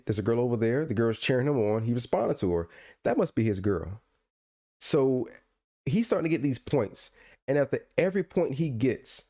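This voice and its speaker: A man co-hosting a podcast in casual chat, telling stories and ranting playfully, often repeating himself. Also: medium pitch. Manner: animated storyteller, repeats and restarts, playful rants. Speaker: podcast co-host.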